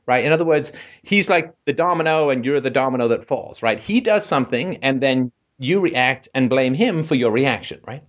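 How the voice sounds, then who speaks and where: Man, call-in show host, mid-pitched, probing, long lively runs, keeps asking "right?". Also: moderate pace, hardly any pauses. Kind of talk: call-in advice talk.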